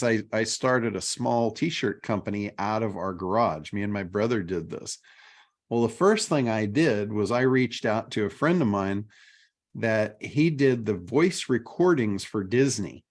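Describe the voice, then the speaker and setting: A middle-aged man hosting a casual chat show, telling stories in an animated way. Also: lowish voice, unhurried. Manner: animated storytelling. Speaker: podcast host.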